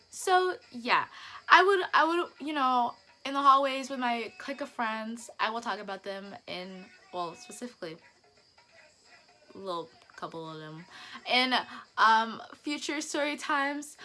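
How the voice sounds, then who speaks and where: A teenage girl talks straight into her phone camera for a casual storytime vlog. She's animated and chatty and stumbles through restarts and giggles. Her voice is bright and sits a bit high. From northern Virginia, US. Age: teens. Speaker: vlogger.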